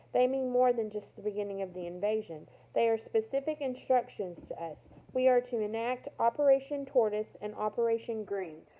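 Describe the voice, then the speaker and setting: A woman's voice: fairly high pitch, lightly acted. A woman reading aloud the lines of a stern male resistance leader, firm and businesslike. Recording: tinny phone-like sound.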